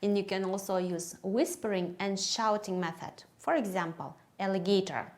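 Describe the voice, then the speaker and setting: Here a Kyrgyz-accented woman, working as a teacher trainer, teaches English teachers about methodology at a medium pitch. She goes slowly and deliberately, lengthening words so the stress is clear.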